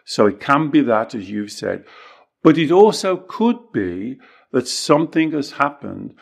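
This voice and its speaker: A man coaching and teaching in conversation, emphatic and lively, who often acts out what clients say. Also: mid-range voice, unhurried, gravelly. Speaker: coach explaining his self-inquiry technique.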